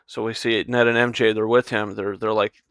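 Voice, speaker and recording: A man's voice: fairly low pitch, level tone, a little fast, a bit bright, clean tone, no echo, studio quality. A man giving a casual, enthusiastic spoken film review, rambling with lots of fillers and restarts. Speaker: movie reviewer.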